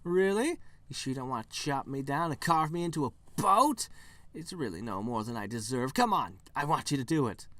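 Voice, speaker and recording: A man's voice: mid-range voice, very animated, normal speed, fairly bright tone, no echo, voice pushed up. A man voicing an eager male talking tree in a video game, who pushily offers up his own apple, leaves, bark and branches. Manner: pushy, overly generous, self-deprecating.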